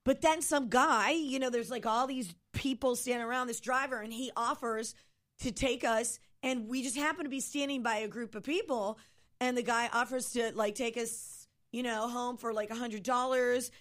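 A woman from Ohio chatting on a radio talk show, her voice a little high. She tells stories with energy and acts out what each person said. It sounds like a relaxed conversation between co-hosts. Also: normal speed. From Ohio, USA. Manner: animated, acts out quoted dialogue. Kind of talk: casual storytelling chat.

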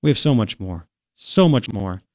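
A man's voice: fairly low pitch, expressive, normal speed, mellow, dry recording. A man hosting a talk radio show, rambling and opinionated with a sarcastic edge, speaking into a studio microphone. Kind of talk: casual talk radio commentary.

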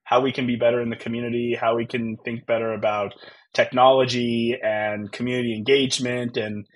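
With a medium-pitched voice, flat delivery and brisk pace, a man in his thirties shares a personal story as a guest on a podcast. The tech founder is earnest and reflective, often using fillers and restarting sentences.

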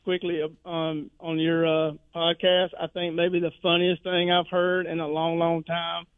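Male caller, higher voice, chatty storyteller, heard over a narrow phone line. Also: completely flat delivery, unhurried, clean tone, no echo. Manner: rambling storyteller who acts out quotes. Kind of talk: phone-in chat.

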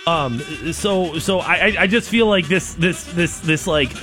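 A man's voice: sits high, unhurried, pushed and bright, faint music behind. A man co-hosting a sports talk show, talking animatedly and restarting his sentences often. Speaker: radio sports show co-host.

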